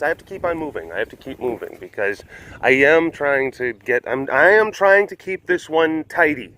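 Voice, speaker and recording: A man chatting casually outdoors for his vlog, his pitch rising and falling freely. He rambles in a playful way, full of fillers, and drops into soft cooing when he greets the animals. His voice sits in a middle register. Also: lively intonation, normal speed, a little hiss or hum. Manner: coos softly at the animals. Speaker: host.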